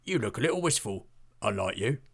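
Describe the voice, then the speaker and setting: A man's voice: lowish voice, big pitch swings, brisk, breathy edge, heavily acted. A man voicing a kindly pipe-smoking male halfling who comforts a friend in a storybook.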